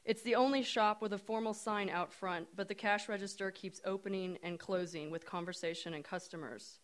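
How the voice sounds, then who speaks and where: A woman's voice: mid-range voice, fairly even intonation, fairly quick. An American woman narrating a personal story in a wry, reflective way. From United States.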